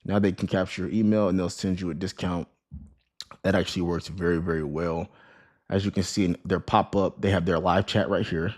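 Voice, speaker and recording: A man's voice: deep voice, fairly even intonation, brisk, darkish tone. A man giving a casual screen-share lesson on running an online store, talking conversationally with many "right?" tags and restarted words. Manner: conversational, repeats "right?" and "you know what I mean?", restarts words. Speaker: online business course creator.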